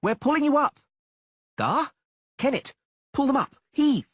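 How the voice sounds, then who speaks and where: A man reading an audiobook, voicing a frantic young male bard yelling for help. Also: very high voice, big pitch swings, a little slow, no room sound, pitched above the performer's own voice, full character voice.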